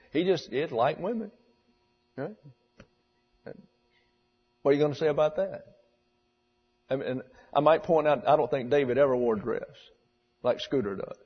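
A male pastor preaches in a husky voice, blunt and wry, tossing rhetorical questions at his congregation. The sound is dull and muffled, with a long church echo trailing behind him. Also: mid-range voice. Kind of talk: sermon. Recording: dull echoey church recording.

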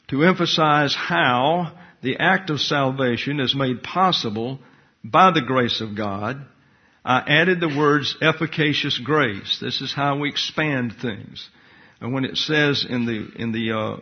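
Husky man teaching scripture methodically. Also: mid-range voice. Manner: methodical, enumerating points and parsing Greek words. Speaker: bible teacher. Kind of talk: expository Bible teaching. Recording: dull lo-fi recording.

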